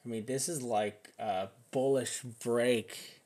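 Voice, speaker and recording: A man's voice: medium pitch, steady tone, takes it slowly, a little mellow. Rambling man talking through trading charts. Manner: rambling, self-interrupting, thinking aloud; swears casually. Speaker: crypto chart analyst. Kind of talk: casual live chart analysis.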